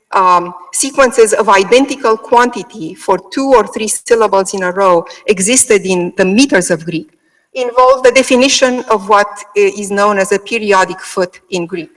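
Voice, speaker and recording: In poor audio with a big-room sound, a woman with a mid-range, slightly bright voice teaches Greek meter to a remote audience. Her academic lecture proceeds step by step. She checks in regularly with "okay."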